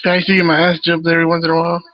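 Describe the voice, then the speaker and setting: A man with a high, flat voice fires off blunt, crude remarks at a quick clip in an online lobby chat. The audio is dull and lo-fi. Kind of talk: casual voice chat.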